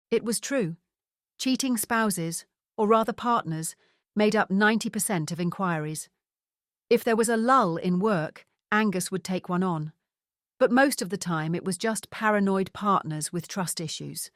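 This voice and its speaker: A woman reads a mystery novel aloud at an even, measured pace. Her voice sits in a middle register, recorded dry and close with no room sound. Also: mid-range voice, no room sound. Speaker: audiobook narrator. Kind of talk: scripted narration.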